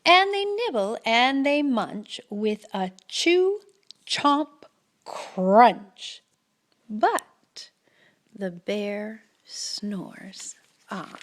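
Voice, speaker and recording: A woman reading a children's story aloud, expressive and often dropping into whispers. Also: sits high. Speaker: storybook reader.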